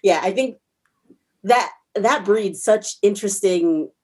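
A woman's voice: mid-range voice, slow, darkish tone, breathy edge. A woman in casual conversation, mostly listening with short affirmations and then retelling a story she heard. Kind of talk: casual podcast chat.

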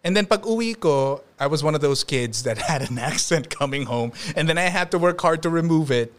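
Brief: Filipino man, slightly high voice, relaxed guest chat, playful accent mimicry. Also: fairly quick. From Philippines. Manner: mixes English and Tagalog, mimics accents in anecdotes. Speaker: actor guest. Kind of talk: casual interview chat.

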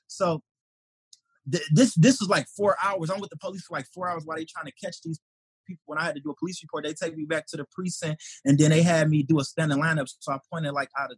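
A man's voice: on the high side, breathy edge, dry recording. A man from Detroit, a stand-up comedian, telling a story in conversation and acting out the voices of the people in it. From Detroit, USA. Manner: animated, acts out quoted voices.

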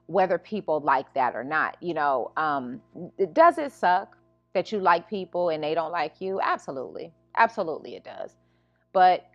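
Earnest podcast host woman, lowish voice. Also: sing-song, moderate pace, no room sound, soft background music. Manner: earnest, repeats "you know what I'm saying", many restarts. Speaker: podcast host and life coach. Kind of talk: casual spiritual self-help monologue. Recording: slightly dull lo-fi sound.

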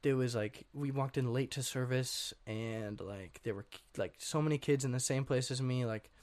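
A young man from Washington state, appearing as a guest artist on an interview show, tells his story in a loose, rambling way, packed with fillers and frequent throat clearing. His voice is medium-pitched and somewhat dark, and he talks at a moderate pace.

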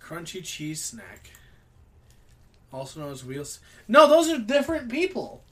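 Animated, swearing man reacting in disbelief. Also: sits high, measured pace. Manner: profane, incredulous reactions. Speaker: podcast co-host. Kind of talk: casual comedic chat.

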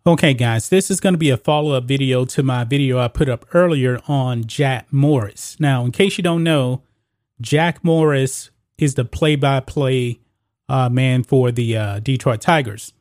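A man's voice: mid-range voice, a little slow, a little mellow, dry recording, clean studio sound. A man giving opinionated sports commentary straight to his viewers, calling them guys and folks and reading news articles aloud, tripping over words now and then.

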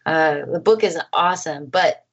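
A woman filmmaker chatting as an interview guest, lively and full of acted-out quotes and laughter. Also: low-pitched, normal speed, lo-fi sound. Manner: animated, acts out quotes, laughs often. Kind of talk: casual interview chat. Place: home.

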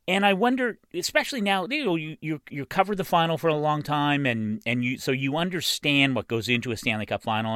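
A male host asks long, enthusiastic questions in a bright, lively voice. His pitch moves a lot, and the room is dry. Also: no echo. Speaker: interviewer, host. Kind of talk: interview questions.

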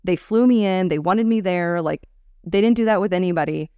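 A woman's voice: on the low side, a little fast, smooth, dry recording. A woman in her thirties, a startup founder telling stories in a candid interview, acting out the people she quotes. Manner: animated storyteller, acts out quoted people.

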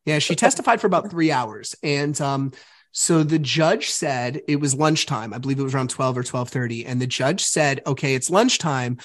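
A woman's voice: extremely low pitch, moderate pace, no room sound. A woman hosting a podcast, talking casually and animatedly, swearing freely as she recounts events. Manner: animated, swears freely, acts out arguments in quotes. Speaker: podcast host. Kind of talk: casual recap conversation.

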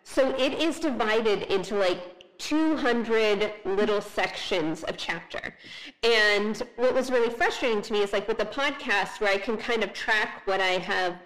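A woman's voice: medium pitch, a little slow, fairly bright tone, poor audio. A woman co-hosting a podcast in casual chat, talking with many "like" fillers and reading an author biography aloud. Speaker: podcast co-host.

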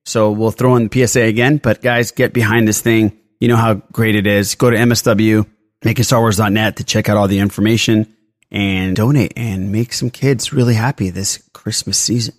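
A man's voice: on the low side, fairly even intonation, moderate pace, dry recording, studio quality. A man in his thirties hosting a casual podcast, chatty and running through plugs and news. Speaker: podcast host.

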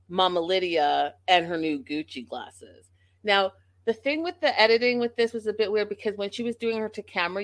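A woman in the middle of her range talks straight at her viewers, recapping a reality show with plenty of sass. She's animated and slips into exaggerated voices whenever she quotes someone. The sound is dry and close, with no room around it. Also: medium pitch, no echo. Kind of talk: casual recap commentary.

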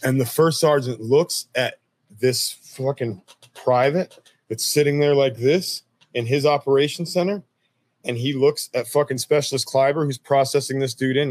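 Laid-back, profane American army veteran. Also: male voice, mid-range voice, moderate pace. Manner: laid-back, profane, laughs while telling stories. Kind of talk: casual storytelling interview.

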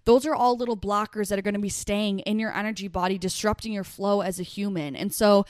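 A woman's voice: mid-range voice, fairly even intonation, brisk, dry recording, studio quality. A young woman, hosting a self-help podcast in a casual, chatty way, full of "like" fillers and restarts. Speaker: podcast host.

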